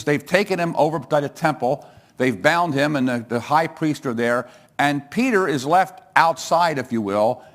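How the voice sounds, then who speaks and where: A male pastor preaching a sermon in a conversational storytelling way, with asides and humor. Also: a little high.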